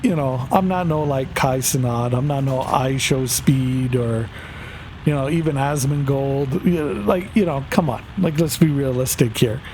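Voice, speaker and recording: A man's voice: medium pitch, unhurried, darkish tone, slight background noise. A middle-aged Canadian man, a streamer, telling a rambling family story with lots of fillers while gaming.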